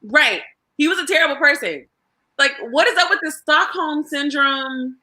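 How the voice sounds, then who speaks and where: A woman's voice: sits high, lively intonation, normal speed, sharp tone, rough recording. A woman co-hosting a podcast in casual chat, asking quizzical questions. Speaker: podcast co-host.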